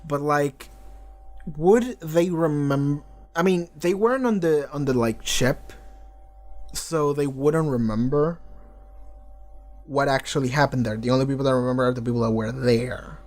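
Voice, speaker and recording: Guy doing a chill reaction vid, rambly, tons of "like"s, swears a lot, mid-pitched voice. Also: a little slow, pauses often, darkish tone, soft background music. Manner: rambling, filler-heavy, swears freely. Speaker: TV reaction vlogger. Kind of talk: casual spoken reaction and discussion.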